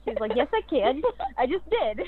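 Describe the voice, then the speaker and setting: A woman's voice: high-pitched, big pitch swings, measured pace. A voice actress guest chatting casually and bubbly, giggling and acting out her character's lines. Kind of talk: casual chat on a video call podcast. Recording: tinny phone-like remote audio.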